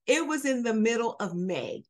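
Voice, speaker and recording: Woman, minister, animated storytelling with dialogue played out. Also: on the high side, moderate pace. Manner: animated, acts out both sides of dialogue. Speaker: guest, minister. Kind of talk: storytelling testimony.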